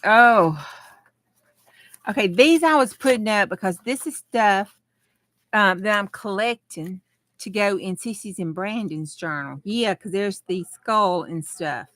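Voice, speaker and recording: Arranging journal pages during a relaxed crafting stream, this middle-aged Southern American host muses aloud to her viewers. Her medium-pitched voice is fairly bright and slow, recorded without echo.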